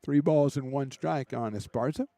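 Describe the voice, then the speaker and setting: A man calls a college baseball game play by play in a mellow, warm voice, relaxed and chatty, with dry little jokes between pitches. His voice sits close to the mic, with almost no room sound around it. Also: normal speed, no echo. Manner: relaxed, chatty, lightly joking between pitches, rising excitement on big plays. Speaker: play-by-play announcer.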